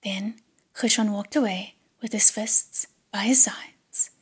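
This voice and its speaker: A woman narrating an audiobook in a hushed whisper. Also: medium pitch, fairly even intonation, slow, husky.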